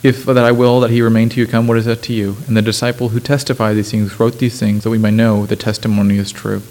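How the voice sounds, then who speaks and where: A man's voice: on the low side, flat delivery, fast, a little mellow, rough recording. Conversational male preacher reading scripture. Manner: conversational, with asides and self-corrections.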